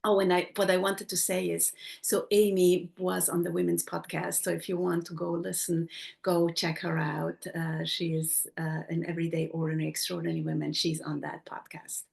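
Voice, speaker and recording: Low, gravelly woman hosting a podcast. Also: level tone, normal speed, a little mellow. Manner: reflective, tags sentences with "right?". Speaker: podcast host. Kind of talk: casual conversation.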